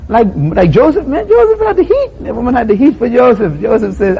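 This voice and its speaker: A man's voice: extremely high pitch, fairly quick, gravelly, hardly any pauses, lo-fi sound, slight background noise. A middle-aged man with a Bahamian accent, preaching a sermon and acting out little scenes, laughing often as he tells them. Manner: animated storyteller, acts out voices, laughs often. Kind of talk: sermon with acted-out anecdotes.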